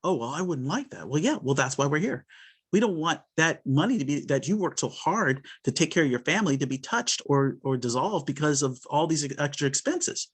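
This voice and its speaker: A man's voice: on the high side, animated, a little fast, breathy edge. Earnest man coaching salespeople. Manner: earnest, conversational, many fillers and restarts, acts out client dialogue. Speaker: insurance sales trainer. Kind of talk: sales training talk on a call.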